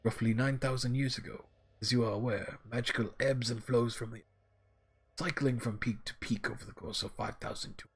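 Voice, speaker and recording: A man's voice: mid-range voice, fairly even intonation, a little fast, husky, voice pushed down. A man doing a put-on voice for a pompous male envoy of a dragon, declaiming grandly.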